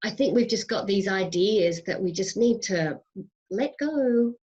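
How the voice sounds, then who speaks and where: A woman's voice: medium pitch, expressive, unhurried, a little mellow, highs cut off. An Australian woman hosting a podcast interview, talking in a gushing, chatty way and giggling often. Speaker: podcast host. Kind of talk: casual interview chat.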